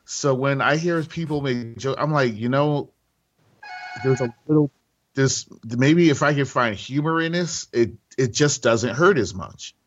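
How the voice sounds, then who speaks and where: A male comedian guest on a podcast, speaking candidly and haltingly, with frequent restarts and fillers. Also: mid-range voice, dull audio.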